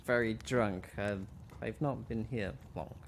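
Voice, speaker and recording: A man's voice: fairly low pitch, unhurried, slight background noise. A man playing a tabletop game who talks in character in a wry, hesitant way. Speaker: player. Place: home setup, live stream.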